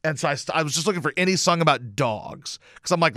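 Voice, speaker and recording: A man's voice: on the high side, expressive, quick pace, few pauses, sharp tone, dry recording, studio quality. A man hosting a radio show, telling a rambling, self-deprecating story in a casual monologue, with some swearing. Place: radio station studio.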